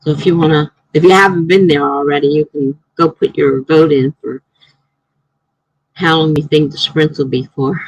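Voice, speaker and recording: A woman's voice: sits low, fairly even intonation, moderate pace, husky, no room sound, rough recording. A woman, a writer, hosting a casual live stream from home, chatting in a rambling way and laughing often.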